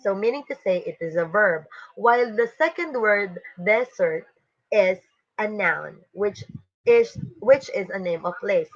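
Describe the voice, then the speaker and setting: Slow-speaking woman teacher. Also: mid-range voice, animated. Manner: explanatory, with frequent fillers and restarts. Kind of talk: online webinar lecture. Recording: dull lo-fi webinar audio.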